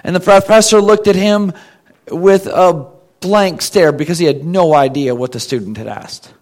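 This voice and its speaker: A man preaching a sermon, reading scripture slowly and explaining it in a conversational way. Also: high voice, a little mellow. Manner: reads scripture slowly with rising emphasis, then explains conversationally.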